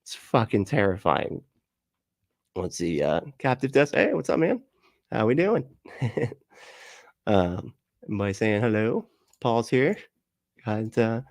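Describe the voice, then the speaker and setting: A man's voice: medium pitch, a little mellow, dry recording. A man ranting and laughing through live reaction commentary, profane and exasperated, on a close mic. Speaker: commentary streamer.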